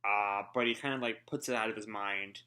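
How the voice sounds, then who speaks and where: Male reaction host, bright voice, loose rambling commentary with fillers and swearing. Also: on the low side, steady tone, brisk. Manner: rambling with many ums and uhs; swears casually. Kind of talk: casual live reading and commentary.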